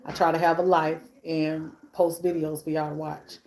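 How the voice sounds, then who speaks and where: A woman's voice: low-pitched, level tone, moderate pace, a little mellow. Woman, live-stream host, casual chat, eating while talking, emphatic repetition, echoey room. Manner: chatty and emphatic, stacks repeated phrases; talks between bites while eating. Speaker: vlogger hosting a live stream.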